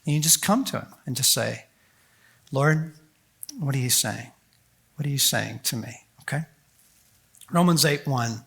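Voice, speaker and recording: A man speaking at a conference on faith, animated and folksy, full of quick asides and acted-out prayers. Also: mid-range voice, creaky, breathy edge. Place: large conference hall.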